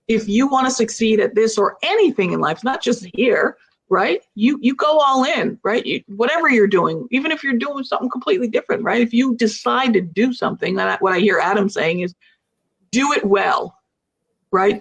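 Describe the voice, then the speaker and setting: A woman's voice: a little high, expressive, normal speed. Woman livestream host, upbeat, laughs easily, talks in rhetorical questions. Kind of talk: livestream coaching interview.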